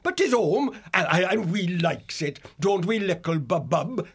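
A rambly old dormouse, high and bouncy voice, folksy and friendly, storybook style. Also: male voice, very animated, unhurried, fairly bright tone, husky, exaggerated voice. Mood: chatty. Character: chatty lonely old male dormouse. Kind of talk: full-cast audiobook acting.

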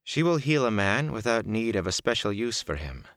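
A composed, commanding sorceress who speaks evenly and without hurry, as a male narrator puts her on. The voice sits low but moves with lively inflection. The recording is dry and close, with no room around it. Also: no room sound. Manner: measured, level and unhurried. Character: calm, commanding woman healer, composed and cool.

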